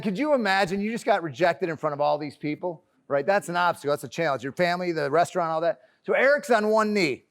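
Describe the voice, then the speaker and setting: High-voiced, joking motivational speaker man. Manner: energetic and joking, addresses the crowd as friends. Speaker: keynote speaker. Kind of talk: motivational talk to a live audience. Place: conference stage.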